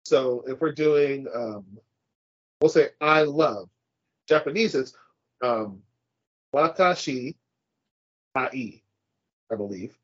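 A man's voice: mid-range voice, lively intonation, takes it slowly, pauses often, breathy edge, no room sound, dull audio. A man co-hosting a casual podcast, ranting and swearing as he argues his point. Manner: profane, ranting, argumentative. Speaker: podcast co-host.

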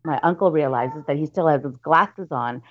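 A woman's voice: low voice, moderate pace, muffled recording. Woman telling a family story. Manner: chatty, many fillers and restarts, acts out relatives' voices. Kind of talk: casual storytelling.

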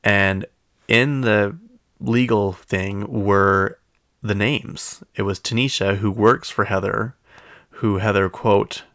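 A man's voice: lowish voice, steady tone, slow pace, a bit bright, no room sound. A young man hosting a casual, gossipy podcast chat, talking loosely with lots of fillers. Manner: chatty, gossipy, many fillers. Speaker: podcast host. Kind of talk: casual chat recapping reality TV.

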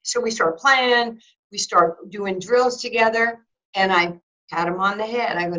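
A woman in her fifties from New York, a former basketball player telling animated stories in an interview and acting out quotes. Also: medium pitch, a little slow, dull audio. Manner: lively anecdotes with acted-out quotes, many fillers.

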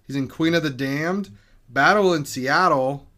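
A male podcast host chats casually and stumbles over names while reading out film credits. His voice is on the high side and sharp in tone, and he speaks a little slowly.

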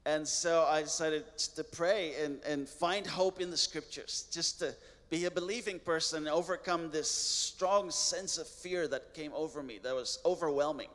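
An earnest man tells his testimony as a missionary guest, his slightly high voice ringing with a long hall reverb. He talks plainly and restarts words now and then. The tone stays sincere throughout. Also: fairly even intonation, normal speed, fairly bright tone. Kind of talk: personal testimony storytelling.

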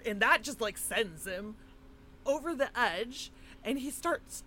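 Podcast co-host, woman, casual storyteller with an animated, swinging delivery. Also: fairly high pitch, takes it slowly, slight background noise. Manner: chatty, animated retelling with frequent fillers and laughs. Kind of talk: casual chat recapping a film.

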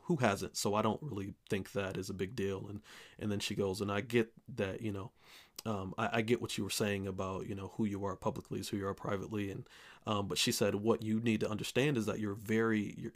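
A man casually telling a personal story, earnestly acting out the dialogue in his own voice, with restarts and wry laughs along the way. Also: on the low side. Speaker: storyteller recounting a personal experience.

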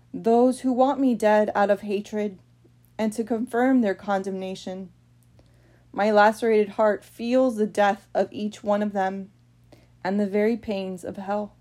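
Woman reading as anguished pleading Jesus, raised higher voice, slow, mellow. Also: lightly acted. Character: suffering Jesus, grieving and pleading. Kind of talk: devotional meditation reading.

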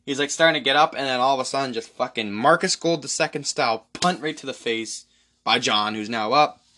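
A man hosting a solo podcast, rambling excitedly and profanely through a movie recap. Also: mid-range voice, brisk, a little hiss or hum. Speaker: podcast host.

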